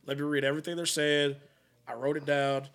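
This is a man with a fairly high voice, hosting a casual podcast conversation. He talks in loose, rambling runs, full of fillers and false starts as he tells his stories. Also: little pitch movement, a little fast, fairly bright tone. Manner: rambling storyteller with many fillers and restarts. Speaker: podcast host.

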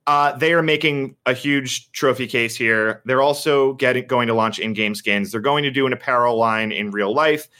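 A man hosting a casual podcast, brisk and teasing as he steers the conversation. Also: medium pitch, pushed and bright. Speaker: podcast host.

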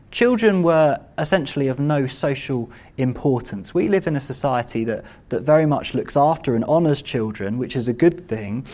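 A man's voice: a little high, a little mellow. A man preaching a sermon in an earnest way, building to emphatic repeated calls. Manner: earnest, rising to emphatic repetition.

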